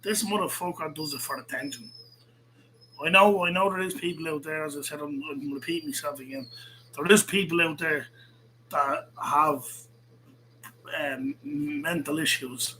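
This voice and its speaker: A man hosts a podcast in an angry, swearing rant, circling back to the same points again and again. His voice sits slightly higher than most men's. Faint noise runs underneath. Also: normal speed, bright, forceful tone, poor audio. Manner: heated, profane, repeats himself. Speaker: podcast host. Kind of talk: angry ranting monologue.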